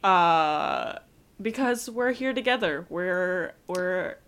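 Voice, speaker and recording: A woman's voice: on the low side, takes it slowly, a little hiss or hum. A young woman co-hosting a podcast in casual, laughing, profane chat. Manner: laughing, animated, swears casually. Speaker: podcast co-host.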